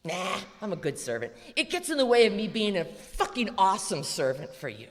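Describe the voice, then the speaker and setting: A woman's voice: mid-range voice, sing-song, fairly quick. An American woman giving a blunt, profane, emphatic recovery talk at a convention. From USA. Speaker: recovery speaker. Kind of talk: live speech at a convention. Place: large convention hall. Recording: echoey convention hall.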